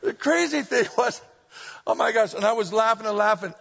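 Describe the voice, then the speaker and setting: A middle-aged man preaching a sermon, animated and full of humorous storytelling, recorded in a church hall. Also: high-pitched, brisk, vocal fry. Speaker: pastor. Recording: dull echoey hall recording.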